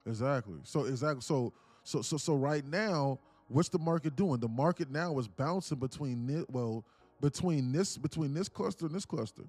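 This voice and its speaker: A man live-streaming futures trades, talking fast and loose with lots of fillers as he explains charts. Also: a little high. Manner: rambling, heavy use of "like", animated. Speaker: day trading streamer. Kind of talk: live trading stream talk.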